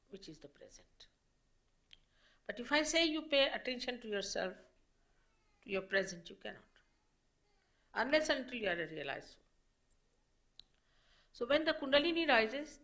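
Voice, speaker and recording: A woman giving a public spiritual lecture as a teacher, explaining slowly and in measured phrases with pauses. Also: a little high, a bit bright.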